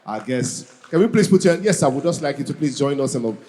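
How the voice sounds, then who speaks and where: A man hosting a live event, hurried, restarting phrases as he calls for applause. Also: mid-range voice, animated, a little mellow. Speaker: event emcee. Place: large event hall. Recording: reverberant hall, long echo.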